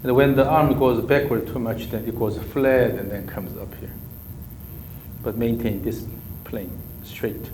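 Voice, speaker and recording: A man's voice: mid-range voice, fairly even intonation, a little slow, noisy background. A man with a Korean accent coaching a golf student, giving short, repeated cues during drills. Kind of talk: live coaching session. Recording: echoey room with faint ambience.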